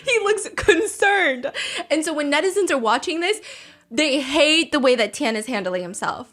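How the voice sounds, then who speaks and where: Woman, podcast host, casual storytelling, animated, laughs a lot, a bit high-pitched. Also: fairly quick. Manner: animated, laughs often, acts out quotes.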